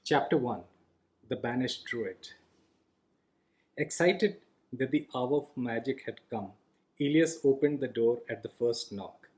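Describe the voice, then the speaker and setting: A man reading his own fantasy novel aloud in calm, measured audiobook narration. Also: medium pitch, poor audio.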